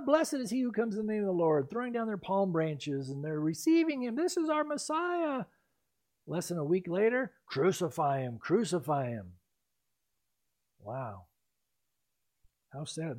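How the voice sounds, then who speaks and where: A man preaching a sermon in an expressive way, rising to loud emphasis and dropping to hushed, quiet lines. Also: a little high. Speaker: pastor.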